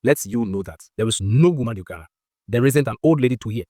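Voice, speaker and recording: A man rattles off a stern, reproachful lecture at a quick pace. He speaks in a scolding tone throughout. The recording is dry and close to the mic. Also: mid-range voice, expressive, warm tone, no room sound. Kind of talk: scolding video message.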